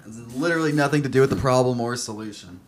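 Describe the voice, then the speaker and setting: Male co-host, late twenties, deadpan and sarcastic, mid pitch. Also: quick pace. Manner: dry, sarcastic remarks. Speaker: musician and podcast co-host. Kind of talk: casual comedic chat.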